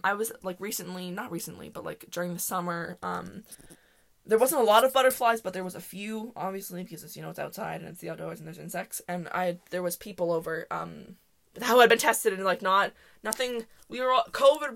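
A young adult woman hosting a casual solo podcast, telling stories in a rambling, animated way and laughing often. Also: medium pitch, creaky. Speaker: podcast host.

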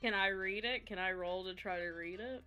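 A woman's voice: mid-range voice, moderate pace, bright, forceful tone, soft background music. A woman playing in a tabletop game, giggly and playful. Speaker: player. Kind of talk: casual tabletop play.

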